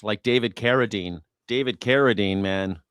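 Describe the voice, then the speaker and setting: A man's voice: lowish voice, moderate pace, a bit bright, clear, resonant tone, dry recording, clean studio sound. A man hosting a news reaction stream, rambling and joking crudely in casual talk. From United States. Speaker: streamer host.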